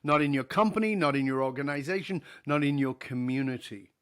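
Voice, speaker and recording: As a podcast guest, a middle-aged leadership speaker laughs along while telling a story conversationally and performing the dialogue. He speaks fairly quickly in a medium-pitched voice with a fairly bright tone.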